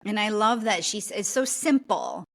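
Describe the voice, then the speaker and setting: A woman's voice: mid-range voice, normal speed, a little hiss or hum. A woman guest on a podcast, speaking earnestly and reflectively as an intuitive coach, often checking in with "right?". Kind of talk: conversational podcast interview.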